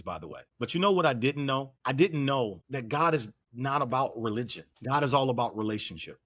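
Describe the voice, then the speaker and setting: A man from East Oakland, a guest on a podcast interview, speaking in an emphatic, preacherly way and repeating phrases for stress. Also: mid-range voice. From East Oakland, California.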